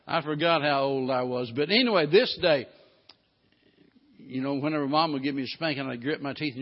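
A man's voice: mid-range voice, fairly quick. A middle-aged man, preaching a sermon as pastor, mixing folksy storytelling with emphatic preaching. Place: church sanctuary. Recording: reverberant hall, muffled sound.

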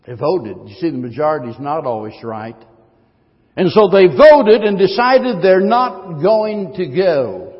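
A man preaching a sermon as pastor, emphatic, his voice swelling louder at key points. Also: on the high side. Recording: muffled long-reverb hall recording.

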